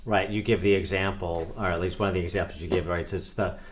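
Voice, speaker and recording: Low-voiced male podcast host. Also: fairly even intonation, fast talker, slight background noise. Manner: conversational, searching for words with fillers. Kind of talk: interview questioning.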